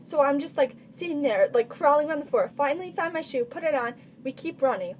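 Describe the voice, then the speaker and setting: A woman's voice: high voice, lively intonation, a little fast, slight background noise. A teenage girl telling funny stories in a casual vlog, chatty and full of filler words. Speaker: vlogger.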